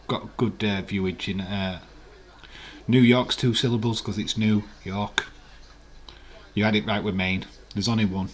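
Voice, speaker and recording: An English man hosting a live stream, chatting casually and rambling as he reads out viewers' comments and chuckles along. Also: on the low side. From England.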